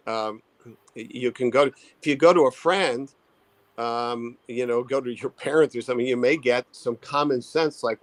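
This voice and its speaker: Man, therapist interview guest, thoughtful, halting, mid pitch, dry close sound. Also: dry recording, rough recording. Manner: thoughtful, halting, many restarts and fillers. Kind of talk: conversational expert interview.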